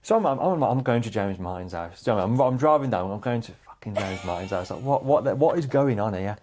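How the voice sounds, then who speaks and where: A man, a chef, telling stories in a casual chat, animated and swearing freely, calling people "mate". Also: on the low side, fast, a little hiss or hum. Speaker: chef guest.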